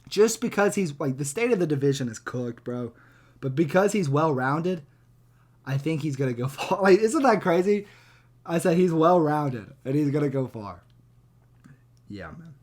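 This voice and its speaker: A young man riffing through a casual reaction commentary, blunt and loose with plenty of swearing. His voice sits a bit higher than most men's, and he rambles and chuckles between points. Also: expressive, moderate pace, darkish tone. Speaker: reaction video host.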